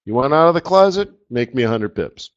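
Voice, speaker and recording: Man hosting a trading webinar, chatty and jokey, mid-pitched, slightly dull audio. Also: big pitch swings, a little fast. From Canada. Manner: joking, chatty, repeats "right?" often. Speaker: forex market strategist presenting a webinar. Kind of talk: live webinar lecture, casual and rambling.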